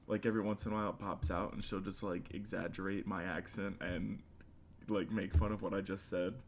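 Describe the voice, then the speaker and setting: A man's voice: low-pitched, flat delivery, a little fast, slight background noise. A man with a light Southern accent, co-hosting a podcast in casual, profane chat. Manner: profane, crude ranting. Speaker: podcast co-host.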